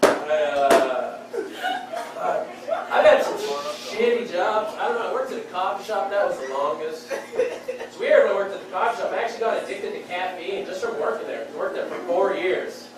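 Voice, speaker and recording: High-voiced man doing stand-up in an echoey club. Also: lively intonation, a loud crowd. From Saskatchewan, Canada. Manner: wry, casual storytelling with quick acted-out quotes. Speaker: stand-up comedian. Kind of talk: stand-up comedy set. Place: comedy club stage in a beer hall. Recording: very echoey club room, mic distant. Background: audience laughing.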